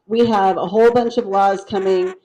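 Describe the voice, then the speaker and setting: A woman on a panel, speaking in a halting way with fillers. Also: mid-range voice, fairly even intonation, dark tone, highs cut off. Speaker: state official panelist. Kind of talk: panel talk.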